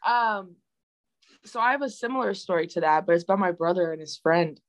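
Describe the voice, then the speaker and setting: A woman's voice: fairly low pitch, fairly quick, rough recording. Young woman telling a story animatedly. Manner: animated, acts out quoted lines. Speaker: guest. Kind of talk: casual storytelling.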